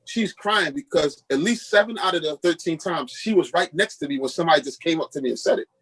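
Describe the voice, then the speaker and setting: A middle-aged pastor from Queens tells his testimony in a husky, slightly raised voice. He brings each scene to life by acting out what people said to him. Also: a little high, quick pace, low-quality recording. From Queens, New York. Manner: lively storyteller who acts out quoted dialogue. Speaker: pastor, podcast guest. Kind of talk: personal testimony storytelling.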